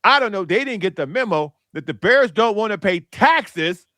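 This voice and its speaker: A man from Chicago on a sports podcast, telling a story in a lively, mocking way and doing little impressions of people. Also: high-pitched, normal speed, dry recording, clean studio sound. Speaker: podcast panelist. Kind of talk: casual sports chat.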